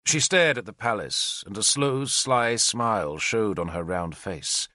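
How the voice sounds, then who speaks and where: A male audiobook narrator with a lower voice that rises and falls with lively expression. His tone is bright and clear, recorded dry and close with no room around it. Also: unhurried, no echo. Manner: expressive, storytelling. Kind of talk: scripted narration.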